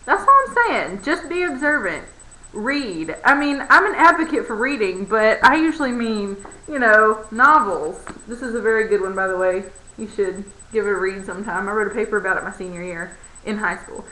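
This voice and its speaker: A woman's voice: medium pitch, brisk, sharp tone. A young adult woman, a barista, ranting to camera in a sarcastic, exasperated way. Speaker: barista vlogger. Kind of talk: casual rant to camera. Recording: roomy echo.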